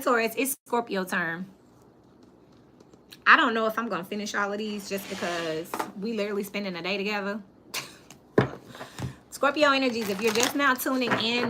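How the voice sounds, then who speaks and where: A woman's voice: mid-range voice, noisy background. A woman giving a casual tarot reading, talking bluntly and plainly to her viewers. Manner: blunt, plain-spoken, animated storytelling. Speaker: tarot reader.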